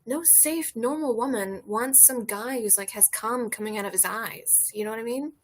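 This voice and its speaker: Husky-voiced woman telling candid stories. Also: a little high, normal speed. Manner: candid, profane storytelling with lots of fillers. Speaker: comedian. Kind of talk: casual chat. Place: outdoors on a porch.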